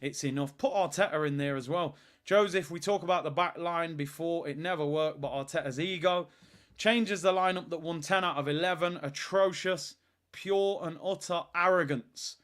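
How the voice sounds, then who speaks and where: A man's voice: a little high, moderate pace, a bit bright. A man, hosting a live football watch-along and ranting in exasperation and sarcasm.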